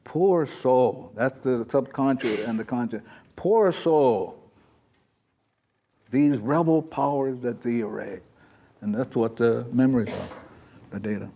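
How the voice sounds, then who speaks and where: A man speaks to a live audience in a mellow, warm tone, drifting from thought to thought. He sounds chatty and informal, often slipping into small acted-out voices to make his point. His pitch sits in an ordinary middle range. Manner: rambling, chatty, acts out little quoted voices. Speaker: spiritual teacher. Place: talk in front of an audience.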